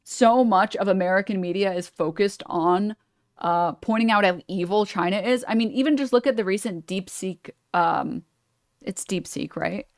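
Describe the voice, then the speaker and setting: A woman's voice: medium pitch, normal speed, no echo, studio quality. Sarcastic streamer woman reacting. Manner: sarcastic, blunt, swears. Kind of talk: casual reaction commentary.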